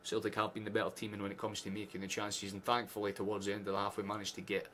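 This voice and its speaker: A man's voice: lowish voice, monotone, very fast, fairly bright tone, slight background noise. A Scottish man hosting a live football watchalong, chatting casually with sarcastic asides and frequent swearing. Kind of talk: casual live match chat.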